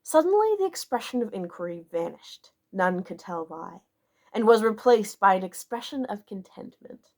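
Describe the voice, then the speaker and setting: This is a woman reading a classic novel aloud as an audiobook. Her delivery is measured and expressive, and she shapes each sentence with care. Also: mid-range voice. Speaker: audiobook narrator.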